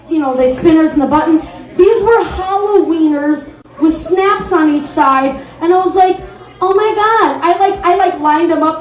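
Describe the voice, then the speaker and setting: A woman's voice: extremely high pitch, darkish tone. A woman from the Midwest in her thirties doing a candid, rambling stand-up set at an open mic. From American Midwest. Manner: candid, rambling storytelling with many fillers. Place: bar stage at a live open mic. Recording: echoey live room.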